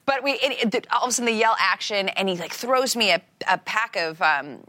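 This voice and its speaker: An actress from Iowa in her forties, chatting as a talk-show guest and acting out lively anecdotes. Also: brisk, dry recording. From Iowa, USA. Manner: animated storyteller, acts out quotes with rising pitch. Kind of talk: casual talk-show chat. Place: TV studio with live audience.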